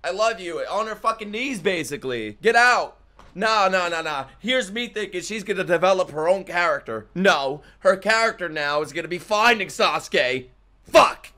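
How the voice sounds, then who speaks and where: A man giving casual live reaction commentary while watching an anime, swearing freely and swinging between quiet muttering and loud outbursts. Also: high voice, normal speed. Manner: excitable, profane, swings from muttering to shouting. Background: faint anime soundtrack music.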